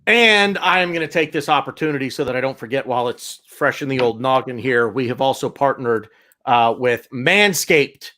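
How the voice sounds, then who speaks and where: A man's voice: medium pitch, moderate pace, pushed and bright. A man hosting a casual football fan podcast, rambling and repeating himself as he reads sponsor plugs. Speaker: podcast host.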